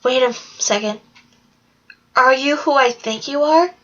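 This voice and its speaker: A woman's voice: high-pitched, a little slow, a bit bright. Alex, an earnest teenage girl, read by a woman. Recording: dull lo-fi recording.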